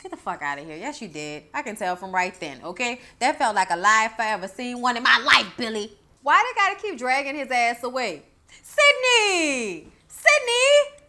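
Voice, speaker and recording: A young woman with a bright, ringing voice, sitting slightly high in her range, recapping a horror movie in casual chat. She is sassy and profane and keeps scolding the characters as if they could hear her. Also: lively intonation, fairly quick. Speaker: movie reviewer.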